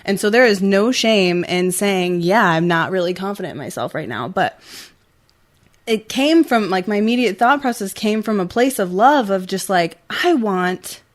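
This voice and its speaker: A woman's voice: medium pitch, lively intonation, normal speed. A young woman co-hosting a talk show, speaking earnestly in casual chat, full of "like" fillers and getting emotional. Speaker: co-host.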